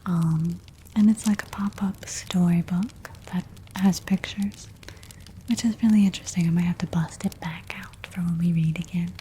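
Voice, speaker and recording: A woman streamer speaking in a soft, soothing ASMR whisper and repeating trigger words gently. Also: on the low side, steady tone, moderate pace, a little hiss or hum.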